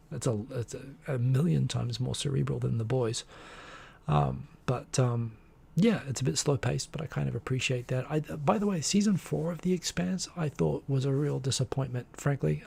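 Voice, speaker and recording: A man's voice: on the high side, gravelly, warm tone, slightly rough. A man hosting a live stream, chatting casually and rambling with frequent restarts. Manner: rambling, restarts often, chuckles. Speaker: host of a weekly live show.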